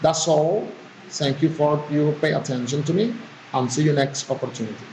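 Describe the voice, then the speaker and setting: A man's voice: a little high, normal speed, a little mellow. A man, a student, carefully reading word lists and practice sentences aloud as a pronunciation exercise, one item at a time. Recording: roomy recording with faint hiss.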